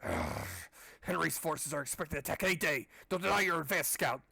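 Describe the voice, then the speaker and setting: A man's voice: on the high side, expressive, fairly quick, creaky, pushed and bright, slightly rough, dry recording, exaggerated voice. Stern proud male knight, formal commands, storybook figure, man reading it out, dry sound.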